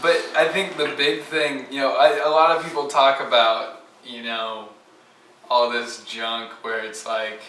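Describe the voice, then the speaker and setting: A man's voice: mid-range voice, level tone, unhurried, bright, forceful tone. A young man in casual group chat on a vlog, rambling and restarting his sentences. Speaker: vlogger. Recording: roomy, far from mic, faint noise.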